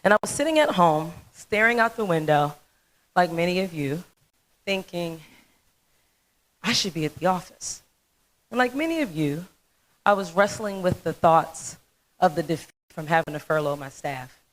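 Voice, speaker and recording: A woman in her thirties giving a motivational conference talk, telling a folksy, animated story. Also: lowish voice, normal speed, rough recording. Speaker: dentist speaker.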